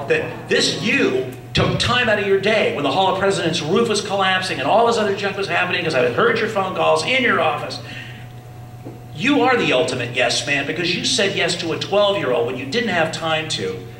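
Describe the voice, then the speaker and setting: An animated man tells stories to a convention crowd and acts out the voices as he goes. His voice is bright and sits a little high, with lots of rise and fall. He is heard from a distance in an echoey hall, with faint noise behind him. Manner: lively, acts out voices and whispers asides. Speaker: convention speaker. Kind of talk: animated storytelling.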